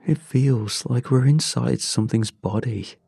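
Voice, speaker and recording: A man voicing a sickened crewman who speaks in a hushed, hollow way. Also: medium pitch, measured pace, gravelly, husky, dry recording. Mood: uneasy.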